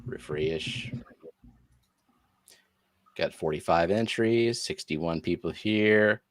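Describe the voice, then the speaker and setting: A man's voice: deep voice, takes it slowly, no echo. A man hosting a casual livestream hangout, talking in an offhand, loose way with some swearing. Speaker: livestream host.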